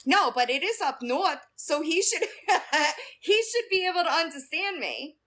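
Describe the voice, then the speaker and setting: A woman's voice: very high voice, unhurried. A woman from Staten Island with a New York accent, chatting casually with viewers on a live stream and laughing often. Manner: talks straight to chat, lively, laughs often.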